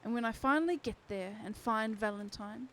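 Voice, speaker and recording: A woman's voice: fairly high pitch, fairly quick, a bit bright, slight background noise, natural voice, rough recording. A woman voicing a bitter, curt young woman with a vengeful streak in a storybook reading, snappish and mocking.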